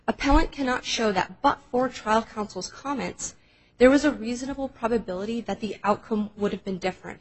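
A woman serving as government counsel, giving a formal, measured oral argument in a courtroom. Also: on the high side, rough recording. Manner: measured, structured legal argument.

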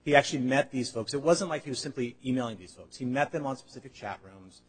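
A man arguing as defense attorney before judges, deferential and quick to answer the bench. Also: medium pitch, lively intonation, breathy edge, rough recording. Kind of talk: courtroom oral argument. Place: courtroom.

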